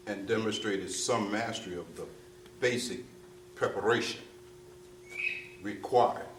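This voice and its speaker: A man's voice: deep voice, background noise. A man giving a spiritual discourse to a gathered audience, emphatic and repetitive, often asking "you see?" and slipping into street slang. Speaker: spiritual teacher. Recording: roomy distant mic with faint ambience.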